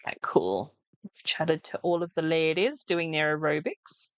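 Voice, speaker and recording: A woman's voice: sits low, normal speed, no room sound. A woman hosting a farming game let's play, with chatty, wry asides and laughing at herself. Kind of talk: casual gameplay commentary.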